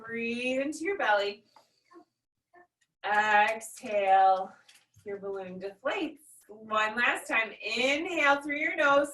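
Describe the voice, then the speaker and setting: A woman teaching a children's yoga class, giving gentle, instructive breathing cues with playful animal noises. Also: fairly high pitch. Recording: echoey room, far from mic.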